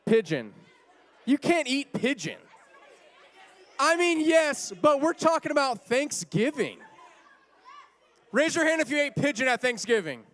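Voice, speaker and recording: A man hosting a party game for a church youth group, playful and teasing, now and then shouting over the room. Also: very high voice, very animated, a little slow, long pauses, a faint crowd.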